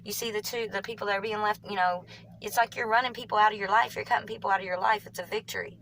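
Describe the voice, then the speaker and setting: A woman with a Southern US country twang, reading tarot cards for viewers in a fast, rambling way, often correcting herself mid-sentence. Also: medium pitch, fairly even intonation, fairly bright tone, rough recording. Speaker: tarot reader.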